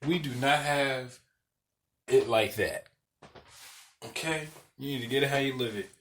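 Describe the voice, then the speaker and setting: A man's voice: medium pitch, a little slow, a bit bright, a little hiss or hum. Young man telling a profane story. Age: young adult. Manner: loose, profane, laughs through his own story. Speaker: podcast host. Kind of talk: casual storytelling.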